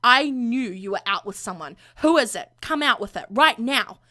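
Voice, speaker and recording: A man's voice: very high voice, animated, normal speed, bright, forceful tone, exaggerated voice. A woman voicing a sneering, controlling husband. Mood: taunting. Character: controlling bitter middle-aged husband.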